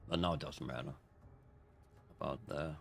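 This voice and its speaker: Male streamer, casual let's-play chatter, deep voice, rambling and halting. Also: fairly even intonation. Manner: rambling, halting, self-correcting. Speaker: gaming streamer.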